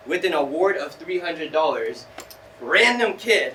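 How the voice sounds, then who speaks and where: A young man from California tells a self-mocking story at a live story slam, jumping around his pitch as he acts out the people he quotes. His voice is bright and high for a man. It is picked up from a distance in a roomy small theater with a faint hum of the room behind him. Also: animated, measured pace.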